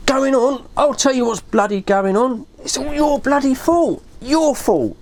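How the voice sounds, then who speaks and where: A woman's voice: a little high, quick pace, a little mellow, slight background noise, pitched above the performer's own voice, natural voice. A woman voicing an angry, indignant young man friend who swears as he tells what happened. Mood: exasperated.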